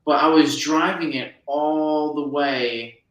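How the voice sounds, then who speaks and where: A bright-voiced man from New Jersey rambles through a casual chat, piling up restarts as he goes. His voice rings a little in an echoey room. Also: fairly high pitch, steady tone, takes it slowly. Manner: rambling, full of restarts and fillers.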